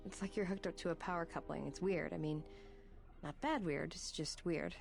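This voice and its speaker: A woman voicing a brash, teasing young bounty hunter who talks in a casual, quick-witted way. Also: lowish voice, gravelly. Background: game music.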